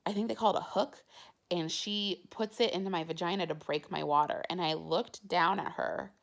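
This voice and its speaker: A young woman vlogging about her own experience, chatty and casual, with "like" dropped into nearly every phrase. Her voice sits on the lower side for a woman. It has a steady gravelly fry running through it. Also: moderate pace. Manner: chatty, heavy use of "like" fillers. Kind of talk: casual personal storytelling.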